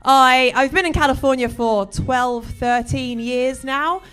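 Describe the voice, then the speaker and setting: A middle-aged British woman from Britain performing a stand-up set, deadpan and bawdy. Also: high-pitched, measured pace, clean tone, faint music behind. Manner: dry, deadpan delivery with bawdy jokes. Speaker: stand-up comedian.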